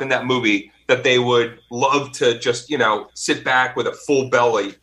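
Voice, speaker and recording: A man in casual podcast chat, telling rambling, animated stories with some casual profanity. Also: medium pitch, measured pace, hardly any pauses.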